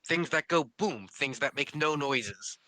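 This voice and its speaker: A man playing a character in a tabletop role-play over voice chat, talking eagerly with quick restarts. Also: on the high side, expressive, bright, forceful tone, low-quality recording. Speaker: player.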